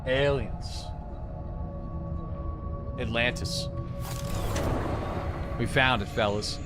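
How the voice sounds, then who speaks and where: Speaking very slowly at medium pitch over background music, this young eastern Canadian gaming streamer offers casual live commentary while he plays. His talk is rambling and jokey, packed with fillers.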